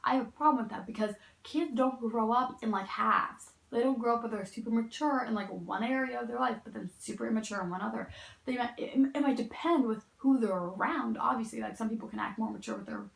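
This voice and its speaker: Young woman, tired and gravelly, rambling opinionated book-review chat in a roomy, echoing room. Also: on the high side, brisk. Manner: rambling and opinionated, heavy use of "like" and "um". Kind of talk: casual spoken book review. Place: indoor room, sitting in a chair. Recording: echoey room.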